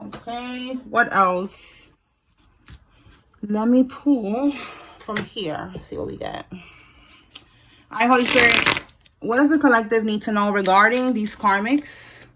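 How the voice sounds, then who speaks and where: A woman's voice: a little high, takes it slowly, long pauses, fairly bright tone. Blunt, slangy woman reading tarot. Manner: casual, slangy and blunt, with laughs and swearing; talks to viewers directly while pulling cards. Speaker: tarot reader.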